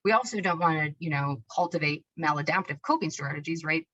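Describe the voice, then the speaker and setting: A woman's voice: sits low, a little fast, a bit bright. A woman giving an informal presentation about child behavior, talking conversationally and often checking in with "right?" and "you know". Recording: dull lo-fi recording.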